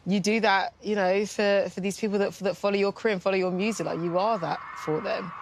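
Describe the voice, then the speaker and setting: Woman, radio host, chatty, affirming, mid pitch. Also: fairly even intonation, fairly quick, a little hiss or hum. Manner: warm, chatty, affirming with frequent mm-hmms. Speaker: radio interviewer. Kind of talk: casual radio interview.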